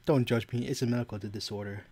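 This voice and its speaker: A man's voice: mid-range voice, fairly even intonation, fast talker, a little mellow. A young man in casual chat, jokey and dramatic, with mock gasps of disbelief. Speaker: co-host chatting.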